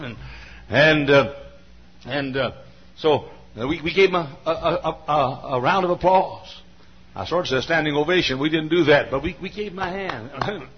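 A man preaching a sermon, repeating his phrases, swinging from shouts down to a low murmur, and often coughing and clearing his throat. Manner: repetitive, builds to shouting, then drops to a low murmur. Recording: dull lo-fi recording with faint hiss.

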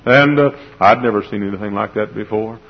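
A man preaching a sermon to a congregation, with an impassioned style that swells toward shouting, on a muffled old tape. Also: lowish voice, a little fast, husky. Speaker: pastor. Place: church sanctuary before a congregation.

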